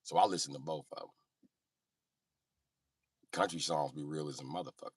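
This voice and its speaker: A livestream host rants casually, joking and swearing a lot in a comedic, animated way that swings between loud and quiet. His voice rumbles low with a breathy edge and a brisk pace. The recording is studio quality with no echo, though he sits far from the mic.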